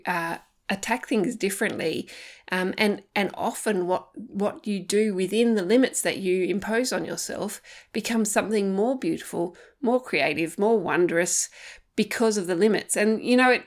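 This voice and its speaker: A woman, a writer talking as a guest in a casual interview, animated and self-deprecating. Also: medium pitch.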